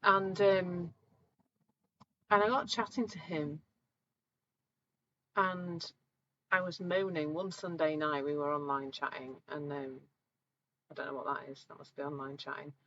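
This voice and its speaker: Chatty woman coach, bright voice. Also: low-pitched, measured pace, pauses often, muffled recording, a little hiss or hum. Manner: chatty, animated storytelling, acts out voices. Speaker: coach hosting a live talk. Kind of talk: live online talk answering viewers.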